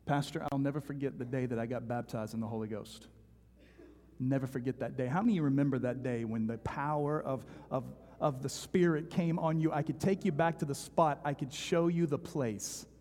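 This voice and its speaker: A man preaching a sermon, reading scripture, praying and telling stories in an animated, conversational way. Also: medium pitch, a little fast, long reverb tail. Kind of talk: sermon with storytelling.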